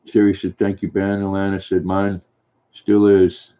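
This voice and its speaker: An older man hosting a livestream, reading viewer comments aloud and answering them in a gentle, folksy way. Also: sits low, completely flat delivery, a little slow, clean tone. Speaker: livestream host reading chat. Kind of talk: casual chat. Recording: dull lo-fi stream audio.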